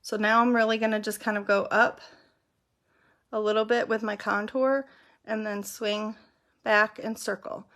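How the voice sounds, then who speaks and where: A woman's voice: medium pitch, level tone, moderate pace, pauses often, fairly bright tone. A middle-aged woman hosting a makeup tutorial, explaining each step in a casual, chatty way as she applies it. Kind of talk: casual how-to demonstration.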